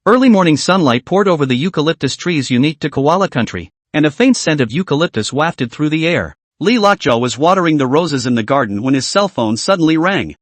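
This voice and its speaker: A man's voice: fairly high pitch, brisk, hardly any pauses, dry recording. A man narrating a comic recap story in a scripted reading style. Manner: animated storytelling, reads every figure himself.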